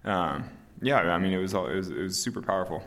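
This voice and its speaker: A man in his thirties, an interview guest talking casually and calmly, with many fillers and restarts. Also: low voice, fast talker. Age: 30s. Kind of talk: casual conversation.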